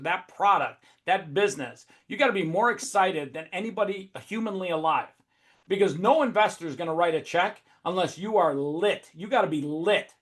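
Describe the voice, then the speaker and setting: High-pitched, fired-up swearing male host. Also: fairly bright tone. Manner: profane, high-energy, emphatic. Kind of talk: casual webinar talk.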